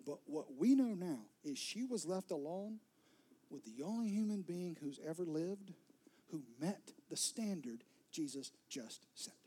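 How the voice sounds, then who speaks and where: A man preaching a sermon, telling the story dramatically, sometimes dropping to a soft whisper and sometimes rising to an emphatic peak. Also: on the high side, husky. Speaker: pastor.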